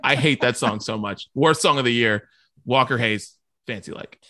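A man's voice: mid-range voice, normal speed, sharp tone, dry recording, studio quality. A man co-hosting a podcast, chatting casually and ranting emphatically about songs. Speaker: podcast co-host. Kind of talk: casual chat.

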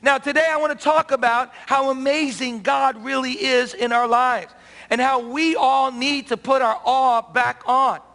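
A man preaching a sermon as pastor, animated and calling on the congregation to answer back. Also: very high voice, measured pace. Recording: long reverb of a large hall.

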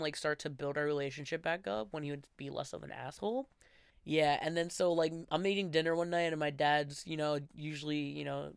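A man's voice: on the high side, creaky, clear, resonant tone, no echo, studio quality. A young man telling a personal story casually, full of filler words and restarts. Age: young adult. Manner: constant filler "like", rambling restarts. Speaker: interviewee.

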